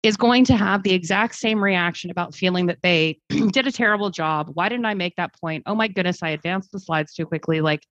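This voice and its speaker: Articulate woman with a low, dry voice. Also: a little fast, few pauses, fairly bright tone, no room sound. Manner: thoughtful, articulate, with fillers and restarts. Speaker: guest speaker. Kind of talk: conversational podcast interview. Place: lives in Germany. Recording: dull lo-fi sound, dry.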